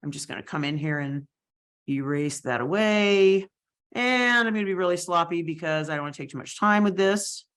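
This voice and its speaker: A woman's voice: on the low side, moderate pace, a bit bright. A woman instructor walking through a photo editing tutorial in a chatty, explanatory way, with fillers and asides. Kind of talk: screen-share software tutorial.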